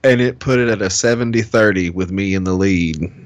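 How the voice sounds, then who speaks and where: A man with a fairly low voice tells a story on a podcast, full of swearing and quoted back-and-forth. The sound is dry, with no room around it. He talks in a loose, worked-up casual way. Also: a little fast, no echo. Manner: profane, heated storytelling with acted-out quotes. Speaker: podcast co-host. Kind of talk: casual chat.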